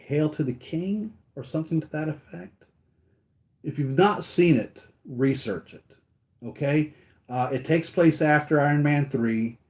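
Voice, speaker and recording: A man's voice: medium pitch, darkish tone. A man talking casually to his viewers, rambling with many fillers and restarts. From United States. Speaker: toy collector vlogger.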